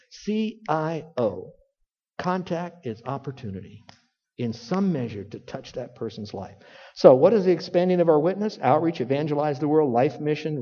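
A man's voice: on the high side, dark tone. Folksy male preacher in a reverberant hall. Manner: folksy storytelling, rising to emphatic exclamations. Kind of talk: sermon. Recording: dull lo-fi recording with long hall reverb.

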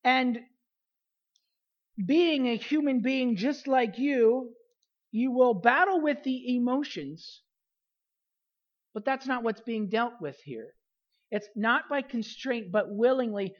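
A woman pastor preaching a sermon, repeating key phrases for emphasis and letting her voice fall softly at the end of phrases. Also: on the high side, expressive, takes it slowly, pauses often, muffled recording.

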